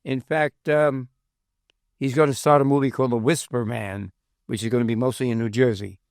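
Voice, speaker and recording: A man's voice: mid-range voice, fairly even intonation, moderate pace, darkish tone, no echo, clean studio sound. A man from Brooklyn, a guest in casual chat, talking in a chatty, joking way. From Brooklyn, New York.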